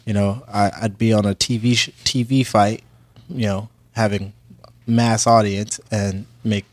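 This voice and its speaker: A man's voice: lowish voice, level tone, a little slow, no echo. A young man, a fighter, chatting easygoing in an interview, with lots of fillers and easy laughs. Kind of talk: casual interview chat.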